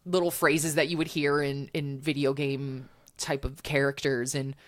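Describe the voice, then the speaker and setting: Low-voiced chatty woman, dry close mic. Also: little pitch movement, normal speed, no echo. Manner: chatty storyteller with many "um"s and "like"s. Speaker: podcast guest, musician. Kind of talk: casual interview chat.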